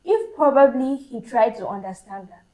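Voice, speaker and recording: A woman, a guest in a casual podcast discussion, explaining her point in a measured way. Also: on the high side, expressive, dark tone, low-quality recording.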